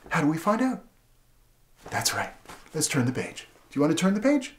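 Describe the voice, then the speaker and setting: A man's voice: a little high, moderate pace. A playful man reads a picture book aloud as if to a small child, asking question after question in a voice that leaps all over its range. The room gives him a roomy, echoing sound. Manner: playful, asks the listener many questions; animated, gasps and laughs in surprise. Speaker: literacy educator. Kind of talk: demonstrating reading aloud to a child. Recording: roomy echo.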